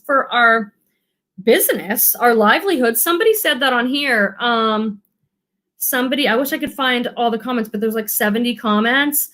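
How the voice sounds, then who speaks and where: A woman's voice: high-pitched, lively intonation, normal speed, fairly bright tone. A woman who resells thrifted goods online, chatting casually on a livestream and reading viewer comments aloud.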